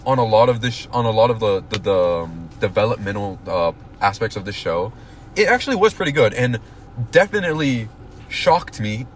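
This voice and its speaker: Young man, lowish voice, rambling casual podcast talk, faint background hiss. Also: lively intonation, brisk. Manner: rambling, many restarts and fillers, swears casually. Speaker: podcast co-host. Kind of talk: casual chat.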